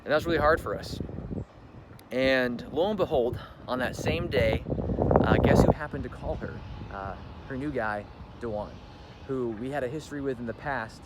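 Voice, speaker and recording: A man's voice: medium pitch, normal speed. A young man telling a personal story in a casual vlog, chatty and full of "like", acting out what people said. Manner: chatty, full of "like", acts out quoted talk. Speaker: vlogger. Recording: loud background ambience noise.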